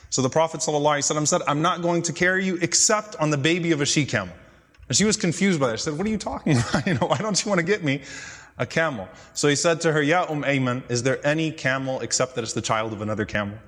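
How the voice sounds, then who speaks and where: A man's voice: on the high side, fast talker, fairly bright tone. Man telling a sermon in a reverberant hall. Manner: retells hadith, quoting Arabic then translating. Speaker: Islamic lecturer. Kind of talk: storytelling sermon.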